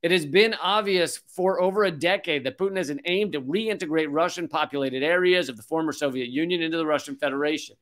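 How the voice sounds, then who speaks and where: Guy in his 40s doing a sarcastic sweary political rant, pretty high voice. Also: fast talker, few pauses, a bit bright. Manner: sarcastic, profane and emphatic. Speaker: comedian hosting a political commentary show. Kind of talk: ranting political commentary reading an article aloud.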